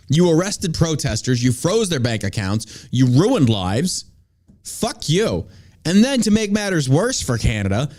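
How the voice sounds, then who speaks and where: Heated, animated male podcast host. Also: a little high. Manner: ranting, profane, heated. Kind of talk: casual political commentary.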